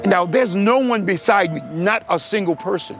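High-voiced man preaching his testimony. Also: moderate pace. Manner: animated storytelling, acting out voices. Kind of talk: sermon testimony. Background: music.

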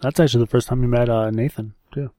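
Laid-back young man with a mellow voice. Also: medium pitch, fairly even intonation, fast talker, no room sound. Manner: laid-back, short agreeing replies. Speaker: podcast co-host. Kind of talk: casual chat.

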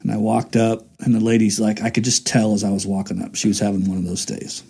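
A man's voice: lowish voice, little pitch movement, quick pace, creaky, warm tone, slightly rough. A man hosting a casual faith talk, earnest and rambling, restarting his sentences often. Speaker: host.

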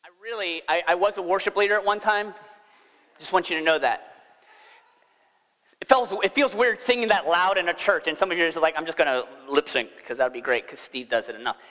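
A man's voice: high voice, expressive, brisk, pushed and bright, in a large hall, poor audio. A man preaching a sermon in a church, talking conversationally and asking the congregation questions. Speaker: pastor.

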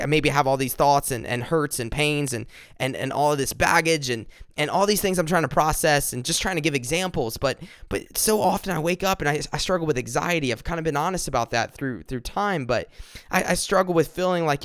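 Earnest man preaching, smooth voice. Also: fairly high pitch, a bit bright, dry recording, studio quality. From upstate South Carolina, US. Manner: earnest, repeats words, slows down for scripture. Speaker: devotional speaker. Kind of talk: informal devotional sermon.

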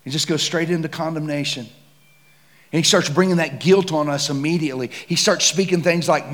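Male pastor, slangy casual sermon, slightly high voice. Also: brisk. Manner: casual slangy preaching, building to shouts.

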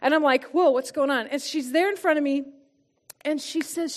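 A woman sharing a heartfelt personal testimony and teaching at a church gathering, her earnest voice often dropping soft and quiet for emphasis. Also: high-pitched, normal speed. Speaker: church small-group speaker.

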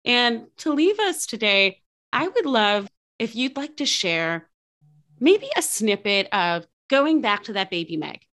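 A woman's voice: fairly high pitch, sing-song, a little slow, fairly bright tone. A woman hosting a podcast interview, chatting casually and gushing with enthusiasm. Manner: effusive, enthusiastic. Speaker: podcast host.

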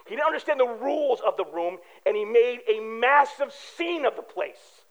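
A man's voice: very high-pitched, lively intonation, moderate pace, rough recording. A man, a pastor, giving a conversational sermon full of everyday stories and asides to the congregation. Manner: casual storytelling with asides to the congregation.

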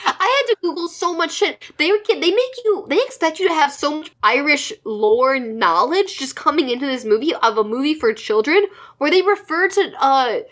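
A woman co-hosting a podcast, with a voice a little higher than average. She chats casually, swears freely and laughs her way through explaining what she looked up. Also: lively intonation, moderate pace, few pauses, fairly bright tone. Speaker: podcast co-host. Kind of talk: casual movie recap chat.

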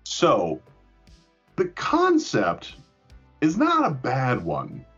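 A man's voice: medium pitch, huge pitch swings, extremely slow, fairly bright tone, breathy edge, soft background music. A man in casual chat, rambling with fillers and casual swearing. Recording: dull lo-fi recording.

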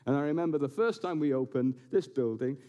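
A male pastor preaching to his church, his voice sitting a bit high and swinging widely in pitch. He stays animated throughout and breaks up the message with self-mocking jokes. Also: a little fast. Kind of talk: sermon. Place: church building, before a congregation.

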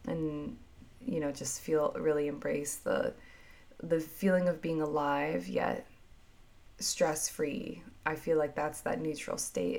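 A woman hosting a podcast, talking through her emotions in a soft, musing, reflective monologue full of casual fillers. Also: deep voice. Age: adult mother. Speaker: podcast host.

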